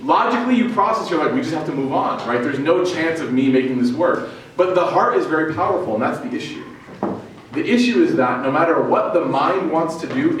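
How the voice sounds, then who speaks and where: A man from Chicago with a voice on the high side teaches Islamic studies to college students in a lecture room, telling stories casually, acting out his characters' dialogue and joking with the audience. The room is very echoey, the mic sits at a distance, and there's slight background noise.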